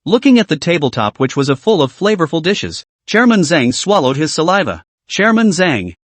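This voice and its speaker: A man narrates a comic story recap in a brisk, scripted way. His voice is rather high and very animated in pitch. The recording is dry and close, with no room sound. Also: no room sound.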